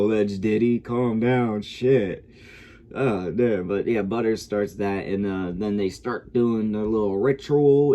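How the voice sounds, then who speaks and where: Laid-back rambling guy, low mellow voice. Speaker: show reviewer. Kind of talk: casual episode review commentary.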